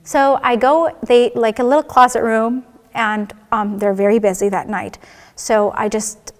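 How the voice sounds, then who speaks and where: A woman's voice: a little high, fairly even intonation, a little slow, in a large hall. A woman giving a personal testimony at church, telling her story candidly and acting out the dialogue.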